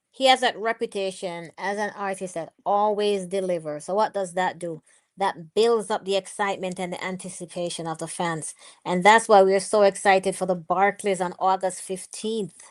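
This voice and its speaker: A woman hosting a casual live stream, chatting with viewers, reading their comments aloud and cheering them on. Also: medium pitch. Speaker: livestream host.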